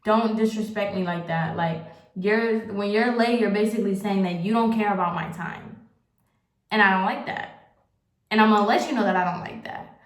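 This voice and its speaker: A woman's voice: medium pitch, moderate pace. A young woman vlogging in a candid, rambling way, filling her talk with "like" as she chats while getting ready at home. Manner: rambling, candid, heavy use of "like". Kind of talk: casual confessional chat. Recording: roomy echo.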